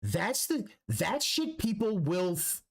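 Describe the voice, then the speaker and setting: A man's voice: high voice, very animated, takes it slowly, vocal fry. A man streaming a reaction, ranting profanely and restarting his sentences as he goes. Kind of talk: livestream reaction commentary.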